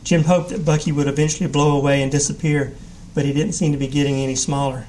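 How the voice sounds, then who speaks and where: A man narrating a short story aloud at a live reading. His pitch sits a bit high, yet his tone is soft and mellow. A faint hum lies under his voice. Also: fairly even intonation, fast talker, rough recording. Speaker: reader.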